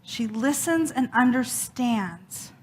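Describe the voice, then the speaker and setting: A woman minister giving a sermon, retelling a story dramatically with expressive, emphatic repetition. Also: on the high side, takes it slowly.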